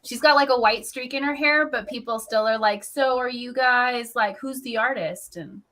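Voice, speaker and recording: A woman's voice: on the high side, moderate pace, fairly bright tone. A woman chatting as a guest artist over a video call, making wry dry remarks. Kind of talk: casual chat.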